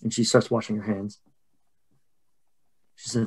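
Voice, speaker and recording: A man narrating a tabletop horror game as game master, in a measured, descriptive way. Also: on the low side, little pitch movement, breathy edge.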